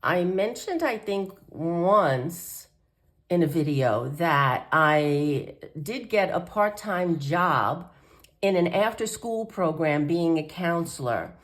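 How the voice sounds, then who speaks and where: A woman's voice: fairly low pitch, animated, slow. A woman with a nasal, congested voice from a cold, chatting casually to camera as the host of her coloring channel, rambling with ums and restarts. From United States.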